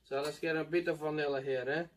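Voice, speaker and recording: Portuguese accented guy hosting a food vid, upbeat, keeps saying eh, slightly high voice. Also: fairly even intonation, fast talker, noisy background. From Madeira, Portugal. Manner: enthusiastic, ends lines with "eh?". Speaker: mukbang co-host. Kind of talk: casual food chat.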